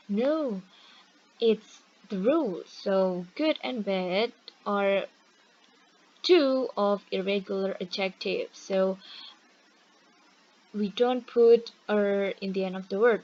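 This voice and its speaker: Young woman teacher explaining grammar real slow, lots of "okay?", kinda muffled lo-fi audio. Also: medium pitch, a little mellow. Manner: patient, checks in with "okay?" and "right?". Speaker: English teacher. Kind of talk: online grammar lesson. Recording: dull lo-fi recording with faint hiss.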